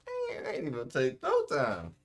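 A man's voice: mid-range voice, wildly swooping pitch, normal speed, gravelly. A young man co-hosting a reaction video, laughing and exclaiming in casual slang banter.

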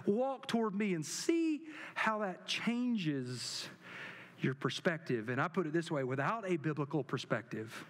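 A man's voice: on the high side, sing-song, measured pace. A man preaching a sermon as pastor, building emphasis through repeated phrases. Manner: preaching with rising emphatic repetition. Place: large church hall. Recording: long hall reverb.

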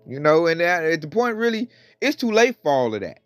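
A man's voice: fairly high pitch, big pitch swings, dry recording. Preaching man with faint music. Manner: preachy and mocking, drawn-out greetings. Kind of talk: sermon commentary.

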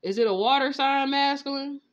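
A woman with a fairly high voice vents through a casual tarot reading, cursing freely and breaking into laughter as she rants in disbelief. The sound is dull and lo-fi, like a phone recording. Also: moderate pace. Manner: profane, laughing, incredulous ranting. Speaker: tarot reader. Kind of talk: casual spiritual reading vlog.

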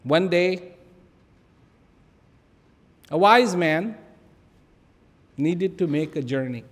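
A man giving a reflective spiritual talk, telling a story with dramatic pauses, repeated phrases and sudden drops to a whisper. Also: fairly high pitch, lively intonation, husky. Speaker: spiritual speaker. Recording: long reverb of a large hall.

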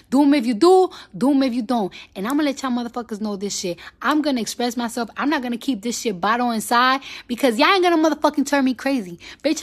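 A woman's voice: high voice, a bit bright. A woman, delivering a heated, profane and blunt unscripted rant straight to her followers. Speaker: celebrity rapper ranting to fans.

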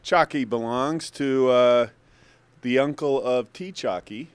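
A man on the street giving a deadpan, mock-serious made-up answer. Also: mid-range voice, slow pace, clear, resonant tone, dry recording. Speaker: passer-by interviewee. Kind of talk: casual street interview.

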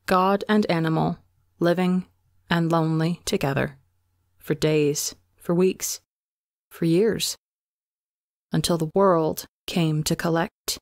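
A woman narrating a fan story aloud for a podcast in a measured, dramatic storytelling manner. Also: on the low side, no room sound, studio quality. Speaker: podcast reader.

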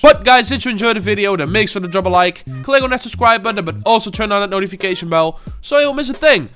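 High-pitched, animated gaming man. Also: quick pace, hardly any pauses, faint music behind. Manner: swears a lot, frustrated and volatile, taunts opponents; talks to viewers. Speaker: gaming YouTuber. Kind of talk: live gameplay commentary.

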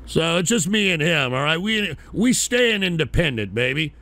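Brash, high-voiced male radio host. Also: big pitch swings, normal speed, sharp tone. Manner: brash, rambling, mock-indignant. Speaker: host of a call-in radio show. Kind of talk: casual profane radio banter reading out chat names.

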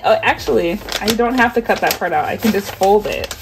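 A young woman chatting excitedly to her viewers while unboxing, gasping and gushing as she talks. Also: on the high side, slow pace, faint music behind. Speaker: nail vlogger doing an unboxing. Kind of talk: excited casual unboxing chat.

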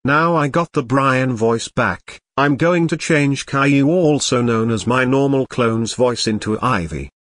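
A man's voice: mid-range voice, measured pace, few pauses, dry recording, studio quality, lightly acted. A male text-to-speech voice playing a mischievous troublemaking boy in a fan cartoon, smug and mechanical. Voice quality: flat synthetic text-to-speech voice.

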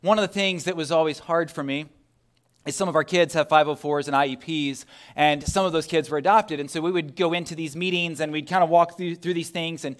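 A male pastor with a somewhat high voice preaches a sermon in a church. He talks in a conversational way, firing rhetorical questions at the congregation and dropping from loud emphasis to a hushed near-whisper. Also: fairly even intonation, a little fast. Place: church sanctuary.

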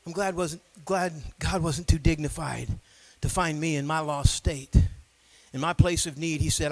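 A man preaching a sermon as pastor, swinging between quiet low talk and loud shouting, with call-and-response asides to the congregation. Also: steady tone, normal speed, low-quality recording.

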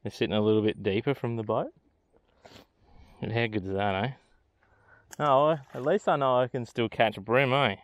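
A man's voice: medium pitch, normal speed, long pauses, dry recording. An Australian man on a boat outdoors, giving casual, chatty commentary as he fishes and talks to the fish he catches. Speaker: fishing vlogger.

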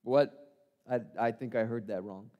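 A man's voice: mid-range voice, expressive, normal speed, a little mellow, dull audio, close to an everyday voice. A man performing a first-person monologue as the disciple Peter, an impulsive, earnest fisherman, telling his story in a conversational, self-deprecating way in a church sanctuary. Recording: long reverb of a church hall.

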